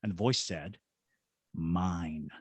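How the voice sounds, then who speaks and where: This podcast guest, a middle-aged ghost tour guide and paranormal investigator from Georgia in the US, tells a story and acts out the voices of the people involved. He is very animated at a moderate pace, his lowish voice slightly rough, with no room sound.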